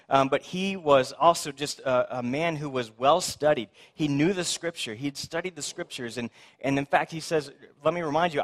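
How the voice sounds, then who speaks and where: A man's voice: fairly high pitch, a bit bright. A man preaching a conversational sermon as pastor at a church service, retelling a story in a casual, plainspoken way.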